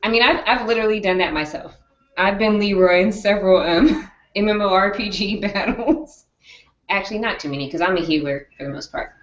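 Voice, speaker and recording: A woman hosting a casual chat, giggly and animated. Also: mid-range voice, fairly quick. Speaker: podcast host. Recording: echoey dull room sound.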